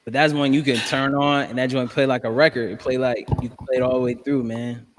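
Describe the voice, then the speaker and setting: A man's voice: mid-range voice, little pitch movement, fairly quick, noisy background. A man chatting casually about hip-hop beats, laid-back and slangy, calling people "bro" and "man".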